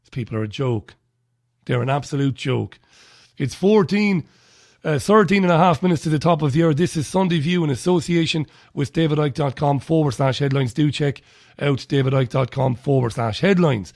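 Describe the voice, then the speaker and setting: A man's voice: fairly high pitch, moderate pace, a little mellow, no echo, studio quality. A man with an Irish accent hosting a talk radio show, giving blunt, scornful commentary and reading out listener messages.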